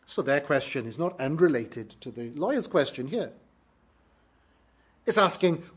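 Husky-voiced male preacher. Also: fairly high pitch, lively intonation, measured pace, long pauses. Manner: preaching with rising emphasis on quoted questions. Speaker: pastor. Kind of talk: sermon.

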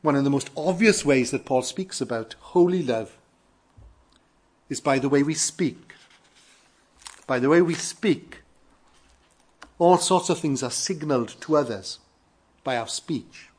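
A man from Wales with a Welsh accent, preaching an earnest sermon with emphatic rises and quiet falls. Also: medium pitch, a little slow, long pauses, breathy edge. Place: church in London.

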